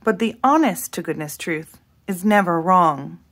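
A woman voicing a gentle, patient mother in a storybook, speaking softly and soothingly. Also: lowish voice, lively intonation, unhurried.

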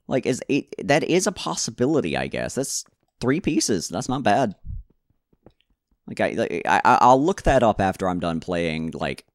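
A man's voice: fairly low pitch, gravelly, dry recording, studio quality. Rambling, self-mocking male gamer. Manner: stammering restarts, jokey asides. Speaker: gaming channel host. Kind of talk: casual gameplay commentary.

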